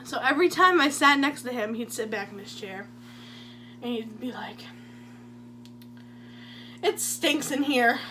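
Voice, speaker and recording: A young woman with a high, bright voice tells stories in a chatty, jokey way. She sounds animated and playful and talks straight to her viewers. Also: normal speed, slight background noise. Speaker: vlogger. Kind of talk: story time vlog.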